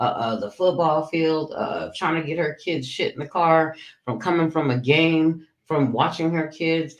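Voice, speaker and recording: Livestream host, heated profane rant, talks to chat, roomy echo. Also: medium pitch. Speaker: livestream commentator. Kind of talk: ranting livestream commentary.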